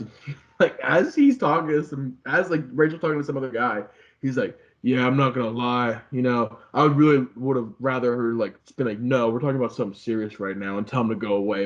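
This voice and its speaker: A man's voice: mid-range voice, a little fast. Young male co-host, loose rambling storyteller, swears a lot, slightly muffled recording. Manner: rambling, profane, acts out quotes with voices. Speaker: podcast co-host. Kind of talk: casual chat recapping a reality show. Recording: slightly dull lo-fi podcast audio.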